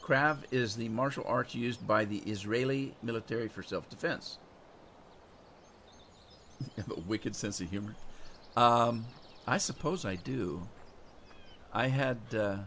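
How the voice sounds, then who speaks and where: A man's voice: fairly low pitch, a bit bright. A man casually chatting with his live chat while playing a game, rambling and answering questions as he goes. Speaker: gaming streamer. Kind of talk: casual live-stream commentary. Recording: noisy game audio behind.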